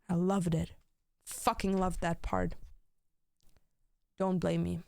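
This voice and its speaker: Brief: young woman streamer, crude and rambling, smooth voice, dry close sound. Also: fairly low pitch, flat delivery, takes it slowly, darkish tone, no echo. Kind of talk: casual stream chat.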